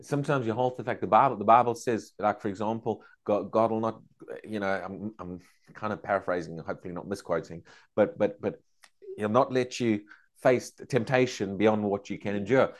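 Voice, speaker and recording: A man teaching a Bible study, questioning his class and acting out excited believers. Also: on the low side, normal speed.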